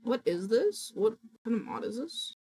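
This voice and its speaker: Streaming live from home, a young adult woman talks casually in a slightly high, somewhat rough voice at normal speed. Her manner is an indignant, animated rant peppered with plenty of swearing.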